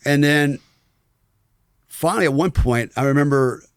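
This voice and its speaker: A middle-aged man from the United States, a podcast guest telling a story in a loose, animated, profane way and acting out the people he quotes. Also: a little high, unhurried, smooth, dry recording, clean studio sound. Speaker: podcast guest, former special forces operator. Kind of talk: casual storytelling interview.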